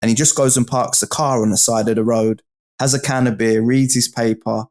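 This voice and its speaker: A man's voice: mid-range voice, steady tone, fairly quick, darkish tone. A British man with a mid-range voice talks casually as an interview guest. His speech is loose and full of street slang. He keeps checking in with the listener. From United Kingdom. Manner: slang-heavy, repeats "do you know what I mean".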